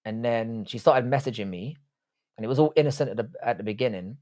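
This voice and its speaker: A man's voice: medium pitch, quick pace, darkish tone. Man, casual livestream chat, blunt, heavy swearing, answers viewer questions. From Irish, raised in southwest London. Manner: blunt and profane, reads chat questions aloud then answers.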